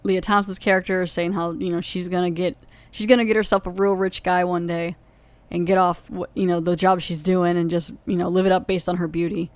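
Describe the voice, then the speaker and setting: A woman's voice: on the low side, flat delivery, brisk, darkish tone, dry recording. A woman hosting a podcast, casually recapping a TV episode in a rambling way, full of "like" and "you know" and self-corrections. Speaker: podcast host reviewing a TV episode.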